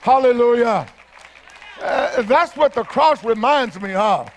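Southern man as pastor, high-pitched, fervent sermon delivery with shouted peaks. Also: animated, measured pace, a faint crowd, slight background noise. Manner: fervent, repeating "Hallelujah", building to shouts.

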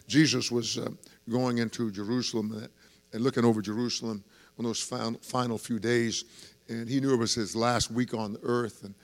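A man's voice: medium pitch, moderate pace. Man preaching with rising fervor. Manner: lively preaching with swells in volume and laughter; conversational asides to the congregation. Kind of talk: sermon.

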